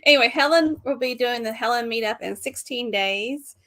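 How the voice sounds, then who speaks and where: A woman's voice: a little high, normal speed, fairly bright tone, a little hiss or hum. A woman co-hosting a live stream, chatting casually and laughing often over a video call.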